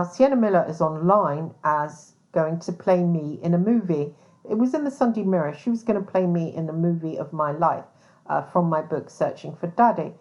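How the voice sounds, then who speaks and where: With a deep, darkish voice, a podcast host who is also a private investigator speaks bluntly in a casual monologue. She swears heavily and keeps restarting and saying "um," on a recording with a dull lo-fi quality.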